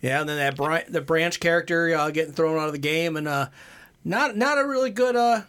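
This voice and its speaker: A man's voice: fairly high pitch, brisk, fairly bright tone, smooth. A man chatting casually, hesitant and full of fillers. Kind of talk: casual chat.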